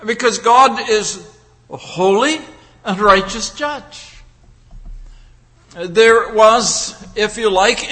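A man preaching a sermon, building his points through deliberate rhetorical questions. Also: high voice, bright, forceful tone, big-room sound.

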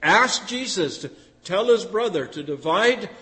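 A man with a high voice preaches in a folksy, conversational manner, tossing rhetorical questions at his listeners. His words ring out with a long hall reverb. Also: expressive, a little slow, bright, forceful tone. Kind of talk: sermon.

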